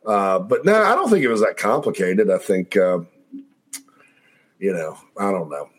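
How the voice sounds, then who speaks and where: A man hosting a casual sports talk show, reading viewer comments aloud and rambling with laughs and quick impressions of coaches. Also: on the low side, expressive, husky.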